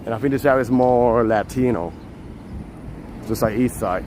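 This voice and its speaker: A man live-streaming as he walks a city street outdoors, chatting to viewers in a relaxed way and laughing often, on a handheld phone. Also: medium pitch, normal speed, noisy background. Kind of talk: walking live-stream chat.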